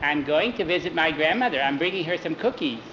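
A man voicing a flustered schoolboy who plays Red Riding Hood in a school play, high, sing-song and indignant. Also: expressive, brisk, sharp tone. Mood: sweet. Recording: roomy echo, faint noise.

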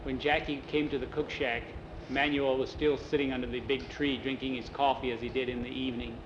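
A man's voice: mid-range voice, level tone, brisk. A man telling a story aloud in a folksy, conversational way, giving the characters their own voices. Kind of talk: oral storytelling with voiced dialogue. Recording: dull lo-fi recording with faint vehicle noise.

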